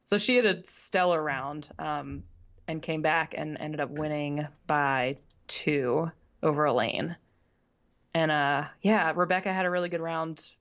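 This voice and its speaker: A woman's voice: deep voice, steady tone, measured pace, lo-fi sound. A woman co-hosting a radio show, chatting casually and laughing often, sometimes stumbling over names. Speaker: podcast co-host. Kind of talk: casual sports chat.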